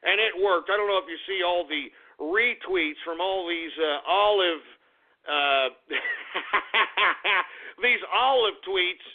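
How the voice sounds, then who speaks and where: A male talk radio host launching into an angry, profanity-laced political rant. His voice sits fairly high for a man. The sound is thin and tinny, as if heard over a phone line. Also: slow.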